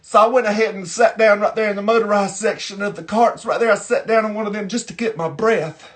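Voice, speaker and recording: Guy playing a chatty southern lady, high voice, drawls and rambles on, gets irritated easy. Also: steady tone, a little fast, a bit bright. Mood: folksy griping. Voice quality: folksy, drawling, rambling complaint. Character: chatty middle-aged Southern woman, easily irritated. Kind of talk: character monologue to camera.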